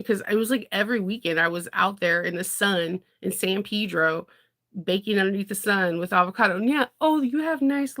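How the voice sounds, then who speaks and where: A woman's voice: mid-range voice, creaky, a bit bright. A woman in casual chat, rambling through stories with frequent laughter. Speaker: content creator.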